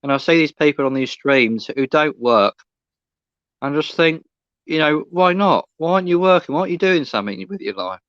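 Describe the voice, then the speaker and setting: A man in his thirties chimes in bluntly during a casual chat, readily agreeing. His slightly high voice comes through dry and dull, with a lo-fi sound. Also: lively intonation, moderate pace, a bit bright, clean tone, no echo. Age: 30s.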